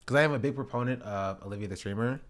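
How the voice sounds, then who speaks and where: A man's voice: medium pitch, racing, a bit bright. Man from north carolina, live streamer, joking, chatting with viewers. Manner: joking, talks back to chat. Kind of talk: casual live-stream reaction commentary.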